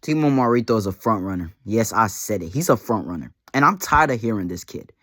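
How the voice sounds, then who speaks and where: A man's voice: lowish voice, lively intonation, fairly quick, a bit bright, a little hiss or hum. A young man managing a fantasy league team, delivering a heated, mocking rant full of repetition. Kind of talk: casual trash-talk rant.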